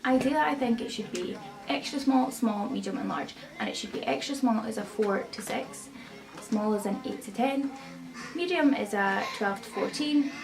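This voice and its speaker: A woman's voice: on the high side, moderate pace, gravelly, music in the background. A young woman chatting casually as she shows off her shopping, rambling and opinionated. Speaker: vlogger. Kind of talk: casual haul chat. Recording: distant mic, noisy room.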